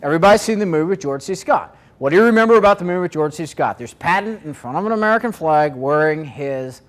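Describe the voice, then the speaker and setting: A man's voice: fairly high pitch, animated, quick pace. A man presenting a marketing seminar to a live audience, talking conversationally and asking the room questions.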